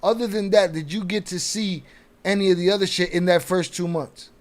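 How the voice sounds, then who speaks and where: A man with a high voice runs a casual livestream interview. He asks long, looping questions, swears casually and keeps nudging his guest along. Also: steady tone, fairly quick. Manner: blunt, profane, encouraging interviewer. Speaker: livestream host.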